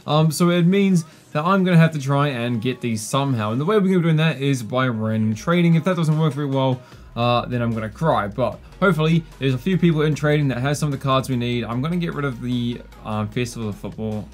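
Hoarse-edged New gaming commentator. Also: male voice, medium pitch, quick pace, faint music behind. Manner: chatty, laid-back, rambling. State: slightly losing his voice. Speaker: gaming YouTuber. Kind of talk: casual gameplay commentary.

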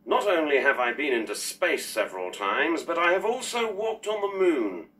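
A boastful veteran astronaut, played by a man in a scripted textbook sketch. The voice is bright and bouncy, sitting a little high. It sounds distant, as if played back across a classroom. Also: sing-song, moderate pace. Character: seasoned boastful male astronaut, adult. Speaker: voice actor in textbook audio. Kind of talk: scripted dialogue reading.

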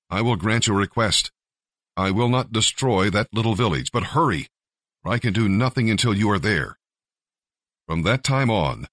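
A man's voice: lowish voice, fairly bright tone, no echo, clean studio sound. A man reading scripture aloud, lifting his voice for the quoted speakers. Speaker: Bible reader.

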